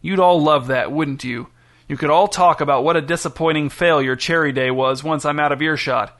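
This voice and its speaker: A man's voice: a little high, moderate pace, fairly bright tone, natural voice. A man voicing a proud, touchy king who grows indignant and commanding in a storybook reading. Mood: bitter. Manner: pompous, raises his voice in anger.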